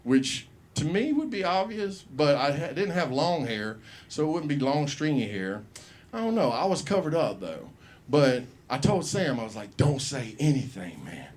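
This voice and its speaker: A man's voice: on the high side, big pitch swings, moderate pace. A man telling a profane story as a stand-up comic at an open mic, acting out the people he quotes. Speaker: stand-up comedian. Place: comedy club stage.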